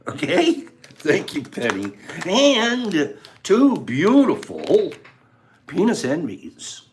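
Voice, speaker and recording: Playful male livestream host, lively pitch. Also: drawn-out words, slight background noise. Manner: playful, teasing, chatty with viewers. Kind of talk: casual livestream chat.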